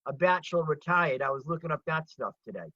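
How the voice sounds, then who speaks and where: Older Rhode Island comic on a dull, dry video call, high and bright, emphatic storyteller. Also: male voice, animated, quick pace, dry recording. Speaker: comedian guest. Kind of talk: casual chat on a video call.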